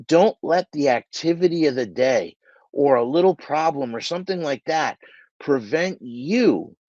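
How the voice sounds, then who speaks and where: A man's voice: medium pitch, a little mellow, dry recording, muffled recording. A man hosting a motivational business talk, earnest and emphatic, repeating key points for stress. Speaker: business coach and podcast host. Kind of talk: motivational talk to shop owners.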